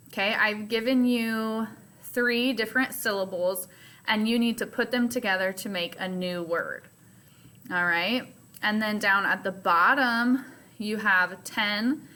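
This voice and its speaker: A woman's voice: mid-range voice, steady tone, a little slow, sharp tone. A woman teacher recording a remote phonics lesson for her students, explaining step by step in a patient way.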